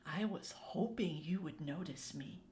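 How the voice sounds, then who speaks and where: A woman voicing a calm, gentle anger creature in a storybook, speaking low and hushed. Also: unhurried. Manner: hushed, low, soft-spoken. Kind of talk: storybook reading.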